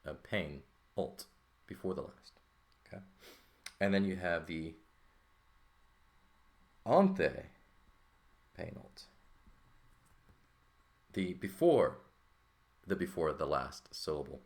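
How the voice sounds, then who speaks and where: This Greek teacher's voice sits low and is expressive; he speaks slowly and pauses often. In an informal recorded lesson, he writes on paper, thinks aloud and frequently asks "okay?" and "right?"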